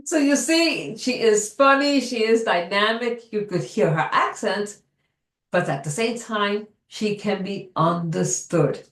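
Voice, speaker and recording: A woman speaker and coach with a Spanish accent, giving a motivational talk to camera in a slow, deliberate way. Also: medium pitch, expressive. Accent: Spanish-accented English. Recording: echoey room.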